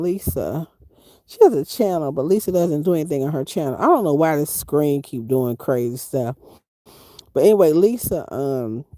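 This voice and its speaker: A middle-aged woman talks casually to her live viewers from inside her van. Her voice sits a little low and warm, swinging widely in pitch as she tells stories. The sound is close and dry. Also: no room sound. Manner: animated, chatty, reads chat aloud, Southern Black vernacular grammar. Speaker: van-dwelling travel vlogger. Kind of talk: casual live-stream chat.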